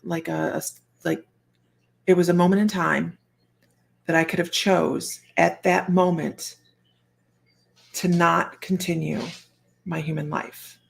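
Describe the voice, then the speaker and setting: An older woman, a psychic medium, telling a personal story in a chatty, animated way with frequent laughter. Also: on the low side, takes it slowly, gravelly, pauses often. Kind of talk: storytelling monologue.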